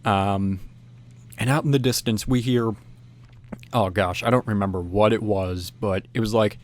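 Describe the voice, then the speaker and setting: A man with a somewhat low voice tells a story in a loose, casual way. He stumbles over restarts and leans on filler phrases, and his delivery stays lively and animated throughout. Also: unhurried. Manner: rambling, frequent restarts and "you know"; animated, acts out whispered quotes.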